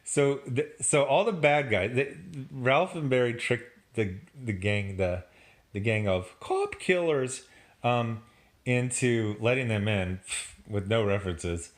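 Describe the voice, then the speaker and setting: A man's voice: mid-range voice, slow. A man giving a casual, sarcastic review of a TV episode, laughing often as he picks it apart. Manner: sarcastic, animated, laughs a lot. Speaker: TV show reviewer.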